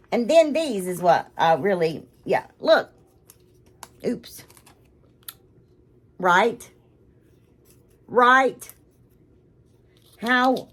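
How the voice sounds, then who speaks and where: A woman's voice: lowish voice, big pitch swings, slow pace, pauses often, fairly bright tone. A woman hosting a craft channel, chatting casually to viewers, gushing and emotional with lots of restarts. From United States.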